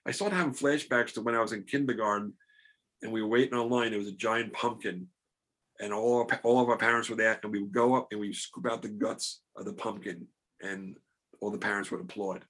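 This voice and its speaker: A man's voice: on the low side, brisk. Middle-aged guy rambling thru a story on his podcast, laughs at himself a lot. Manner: rambling, self-deprecating, animated quotes. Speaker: podcast host. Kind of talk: casual storytelling chat.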